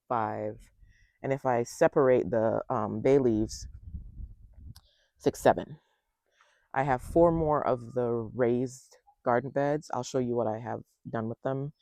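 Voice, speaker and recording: A man casually walking viewers through his backyard garden, chatting to them directly and thinking out loud as he goes. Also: mid-range voice, gravelly, dry recording. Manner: chatty, talks straight to viewers and thinks aloud. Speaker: home gardener giving a tour. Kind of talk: casual garden tour vlog.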